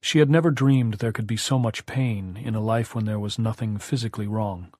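A man with a fairly low voice narrates a novel as an audiobook, reading from a script in a measured, even storytelling manner. The recording is dry and studio quality.

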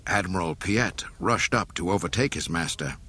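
A man reading a storybook aloud in a dramatic, expressive way. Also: sits low, normal speed, husky. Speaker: narrator. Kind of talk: storybook narration.

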